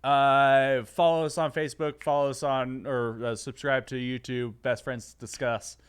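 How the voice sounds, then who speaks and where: Man, podcast co-host, casual chat, excitable, rambling, restarts. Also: medium pitch, measured pace, smooth.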